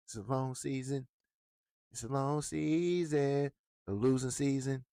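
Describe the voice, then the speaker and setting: A man hosts a live football stream in a casual, slangy voice. He drawls slowly and taunts in repeated sing-song lines. The sound is dry and close. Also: mid-range voice, dark tone, clean tone, no room sound. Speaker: streamer host. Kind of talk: live sports commentary stream.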